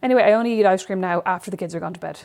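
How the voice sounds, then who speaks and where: A woman's voice: mid-range voice, rapid-fire, creaky, darkish tone. A woman in her thirties with an Irish accent, co-hosting a casual podcast chat and telling stories with plenty of fillers. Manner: rambling, storytelling, lots of fillers. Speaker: podcast co-host.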